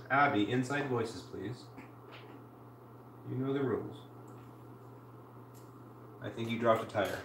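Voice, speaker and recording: A Canadian woman live-streams from a room at home, chatting casually with viewers while she builds. Her voice rumbles low, and she goes slowly with frequent pauses. The mic is distant and roomy, with a faint hiss.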